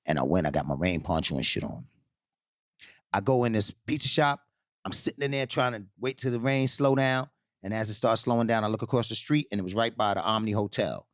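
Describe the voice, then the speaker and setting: Among friends, a middle-aged guest from New York spins a loose, laughing, rambling story at a brisk pace. His pitch swings widely, rising high for quoted voices and dropping low for asides, captured in clean, dry studio sound.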